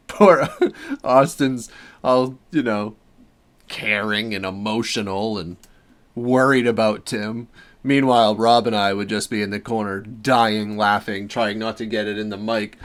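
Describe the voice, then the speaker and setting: A man's voice: mid-range voice, a bit bright. A man in his thirties casually commenting on a clip, laughing along. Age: 30s. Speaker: reaction channel host.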